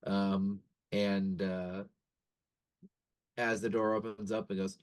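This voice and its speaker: A man narrating as game master in a relaxed way, with lots of ums and uhs. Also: fairly low pitch, slow, pauses often, no room sound. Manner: relaxed, many fillers.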